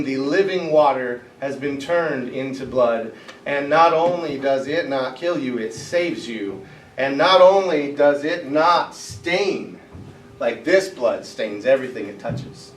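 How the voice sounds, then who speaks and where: A man preaching a sermon in a church, retelling the story in a lively way and acting out the characters' voices. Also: medium pitch. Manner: animated, acts out characters with voices, laughs at jokes. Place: church sanctuary. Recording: roomy echo, voice from a distance, faint background noise.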